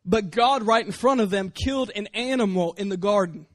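A man's voice: high-pitched, moderate pace, no room sound. A man preaching a sermon as pastor, pressing his points with repeated rhetorical questions.

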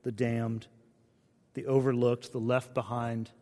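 A male pastor preaches in an earnest, conversational way, often sinking into hushed, low phrases. His voice sits at an ordinary pitch for a man. A long reverb from a large church space trails each line. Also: level tone, a little slow. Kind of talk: sermon.

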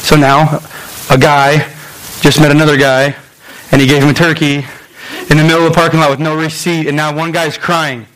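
A man pastor preaching a sermon in a lively storytelling way, acting out voices and making quick asides. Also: fairly high pitch, low-quality recording.

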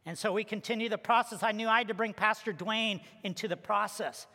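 A man's voice: high-pitched, steady tone, fairly quick, sharp tone. A man preaching a sermon as pastor, telling a personal story with humorous asides and rhetorical questions. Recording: echoey hall reverb.

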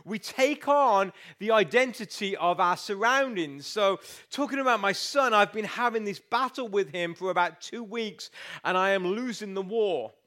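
Brief: man, middle-aged, pastor delivering a lively sermon, high and bright voice. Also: moderate pace. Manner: storytelling, animated and conversational.

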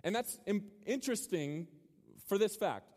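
A man's voice: sits high, lively intonation, measured pace, a little mellow. A young man preaching a casual, joking sermon to a student crowd and quizzing them as he goes. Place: large hall with a live audience. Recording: hall reverb.

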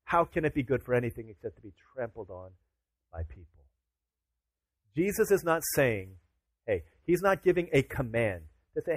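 A man's voice: fairly high pitch, sing-song, moderate pace, no echo. A man preaching a sermon to his congregation, casual and chatty, rising to emphatic declarations. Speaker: pastor.

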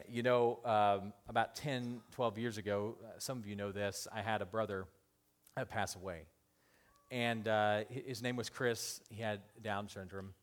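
A pastor in his thirties with a lowish voice preaches a sermon, swinging between loud, excited appeals and hushed, emotional storytelling. He makes halting restarts along the way.

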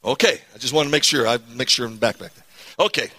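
A man preaching a sermon, animated and calling on the congregation to respond. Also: sits high, fairly quick, big-room sound. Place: church sanctuary.

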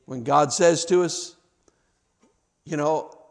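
A male preacher with a voice pitched a touch above the usual for a man. He delivers a sermon that moves between quiet, intimate moments and loud, fervent appeals. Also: slow pace, vocal fry. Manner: swings from hushed to loud and impassioned.

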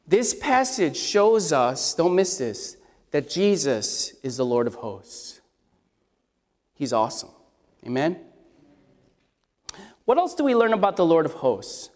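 Guy preaching a sermon, fairly high voice, lots of "amen?" style questions to the crowd, big church echo. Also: lively intonation, measured pace, long pauses, darkish tone. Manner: emphatic preaching with rhetorical questions to the congregation. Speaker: pastor. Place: church sanctuary. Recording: long hall reverb in a church.

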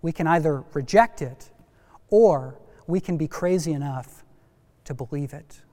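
High-voiced preacher in a big reverberant hall. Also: male voice, a little slow. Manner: lively, talks to kids in the congregation. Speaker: pastor. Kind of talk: sermon.

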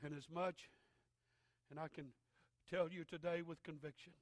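A middle-aged man preaching a sermon, swinging from shouted preaching to hushed intensity, with a gravelly voice. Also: fairly high pitch, fairly even intonation, moderate pace, dry recording. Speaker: pastor.

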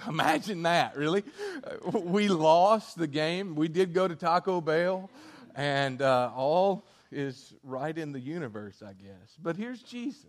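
A man preaching a sermon in an earnest, halting way, often restarting his phrases as he goes. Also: a little high, lively intonation. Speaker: pastor.

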